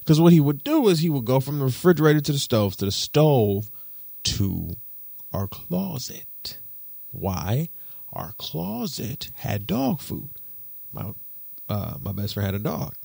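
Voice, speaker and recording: A young man hosts his podcast alone, telling stories in a loose, slangy way. He jumps from loud, excited bursts to low asides, and his voice sits in a middle pitch. The sound is dry and close, with no room echo. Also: a little slow, vocal fry, slightly rough. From Detroit. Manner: animated, slangy, swings from loud exclamations to low muttering. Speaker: podcast host. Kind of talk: casual storytelling monologue.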